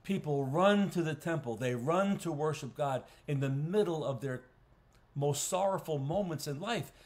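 A man, a pastor, teaching a Bible study in a conversational way, clearing his throat often and restarting phrases. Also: a little high, expressive, moderate pace, a little mellow. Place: church. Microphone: livestream recording.

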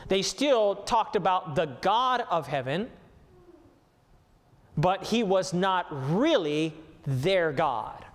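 A high-voiced male pastor preaches with emphasis, climbing into a raised voice when he reads scripture aloud. His words ring out with a long reverb through the church sanctuary of a livestreamed sermon. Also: animated, takes it slowly.

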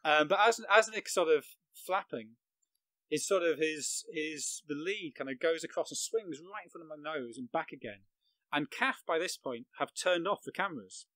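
A man's voice: a little high, animated, normal speed, sharp tone, no echo, poor audio. Dry-voiced man telling a vivid story. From England. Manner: vivid, self-mocking, laughs at own story. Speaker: football journalist, guest. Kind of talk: anecdotal storytelling on a podcast.

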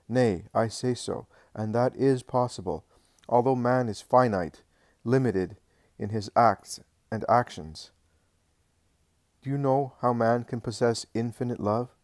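A man reading the lines of Jesus as a calm, patient male teacher in a religious audiobook. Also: lowish voice, no room sound, clean studio sound, close to an everyday voice. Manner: measured, patient, reassuring.

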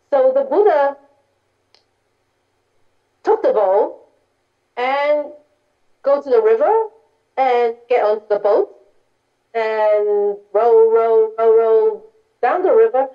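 A woman's voice: fairly high pitch, expressive, slow pace, long pauses. A woman, a Buddhist nun, giving a dharma talk, telling stories informally with simple grammar and many restarts. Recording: dull lo-fi recording.

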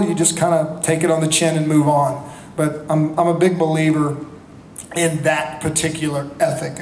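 An energetic, animated man from North Carolina, fielding fan questions on a convention stage with a fairly high voice. He talks into a handheld mic, and the big hall rings around him with a faint hiss underneath. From North Carolina, USA. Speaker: convention panel guest. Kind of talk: lively convention Q&A. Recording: echoey hall with faint noise.

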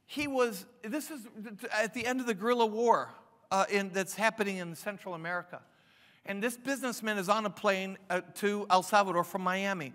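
A pastor in his fifties preaches in an emphatic, stop-and-start way and keeps throwing questions at the room. His voice sits high for a man and rings bright. Long hall reverb trails every phrase. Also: brisk. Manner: emphatic preaching with frequent restarts and rising questions. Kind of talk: sermon.

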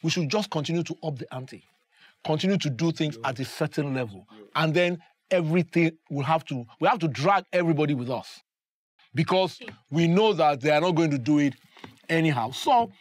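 A man, speaking in a roundtable discussion with a slightly raised, tenor-leaning pitch. He talks earnestly and makes his points with emphasis. The recording is dry and close, with no room sound. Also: expressive, a little fast, dry recording. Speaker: broadcaster and production company founder.

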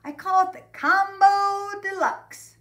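A woman's voice: very high-pitched, fairly even intonation, takes it slowly, pushed and bright, voice pushed up, exaggerated voice. A woman voicing a proud, kind little schoolgirl in a sing-song way for a storybook read-aloud.

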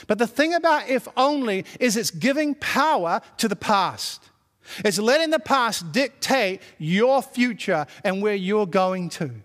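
A male pastor preaching with a fairly high voice. He builds his points in repeated declarations and reads scripture aloud between them. The sound carries a long hall reverb. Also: lively intonation, measured pace, fairly bright tone. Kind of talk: sermon.

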